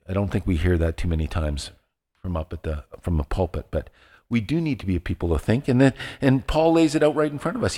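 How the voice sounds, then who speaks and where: A pastor with a medium-pitched, somewhat dark voice delivers a sermon in a church sanctuary, his words echoing through a large hall. He relates a personal story casually, with many restarts.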